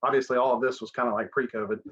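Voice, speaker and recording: A man's voice: medium pitch, steady tone, racing, fairly bright tone, slightly rough, highs cut off. A man co-hosting a business podcast in casual chat, easygoing, cutting in with jokes. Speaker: podcast co-host.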